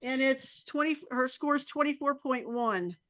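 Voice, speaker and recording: A woman's voice: high voice, moderate pace, fairly bright tone. A woman presenting photo entries and scores at a camera club meeting, chatty and laughing easily.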